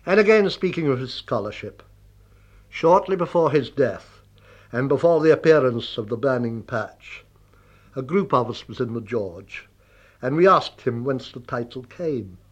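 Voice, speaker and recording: A man recalling an old friend in a measured, wry anecdotal way. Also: medium pitch, animated. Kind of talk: spoken reminiscence.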